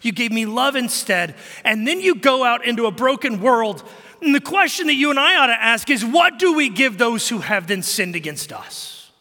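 A man's voice: extremely high pitch, normal speed, long reverb tail. A man preaching a sermon, telling stories animatedly and acting out the dialogue. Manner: animated storytelling, acts out quoted dialogue. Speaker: pastor.

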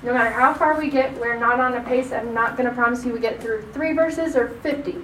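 A woman's voice: on the high side, fairly quick, fairly bright tone, slight background noise. A woman teaching a casual Bible class, chatty, often asking "right?". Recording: echoey room recorded from a distance.

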